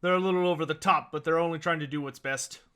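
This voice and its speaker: A man's voice: fairly high pitch, fairly even intonation, fast, sharp tone. A man voicing a friendly, homely middle-aged male tavern barkeep with a chatty, folksy manner in a tabletop game.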